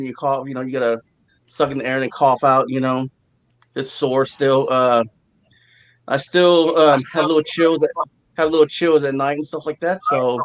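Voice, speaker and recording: A man hosting a casual live stream who rambles and circles back through his sentences. His voice sits a little high for a man, and his throat is sore from a recent cough. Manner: rambling, restarts a lot, fillers.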